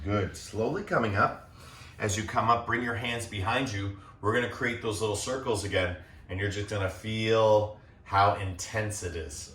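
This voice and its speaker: A man teaching a gentle yoga class, guiding calmly as he demonstrates the poses and checking in with the class as he goes. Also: fairly low pitch, measured pace, far from the mic. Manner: calm, demonstrating as he talks, checks in with "right?". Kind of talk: guided yoga class instruction. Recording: echoey room, voice off-mic.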